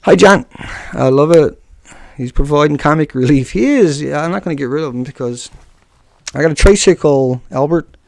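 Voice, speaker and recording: On an unscripted live stream, a man with a gravelly, creaky voice speaks directly to his viewers while answering chat, mocking and taunting one commenter. His voice sits on the high side, with a darkish tone and a brisk, animated delivery. The recording is dry and close, with no room echo.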